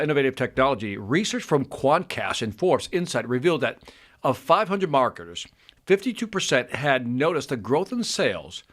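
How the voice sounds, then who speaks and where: Co-host: eager mid-pitched man, reads out stats, repeats himself when excited. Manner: enthusiastic, repeats his words, reads out statistics. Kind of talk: casual chat.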